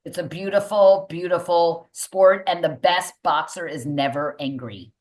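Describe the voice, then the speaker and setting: A woman's voice: lowish voice, unhurried. A woman, a mindset coach and boxing gym owner, speaking emphatically as a podcast guest and repeating phrases for stress.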